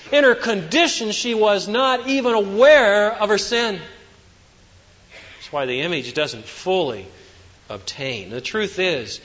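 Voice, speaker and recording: Emphatic preaching man, echoing hall. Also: fairly high pitch. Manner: emphatic, swinging between loud declarations and hushed asides. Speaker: pastor. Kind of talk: sermon. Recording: dull lo-fi sound with long hall reverb.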